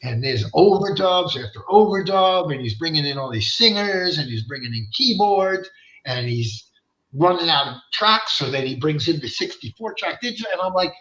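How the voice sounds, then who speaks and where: A high, bright male voice tells a rowdy, swearing-laced story in a casual interview and jumps into the voices of the people in it. The sound is roomy and a little dull, like lo-fi livestream audio. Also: a little fast. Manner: animated, profane storyteller who acts out voices. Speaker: guest rock singer.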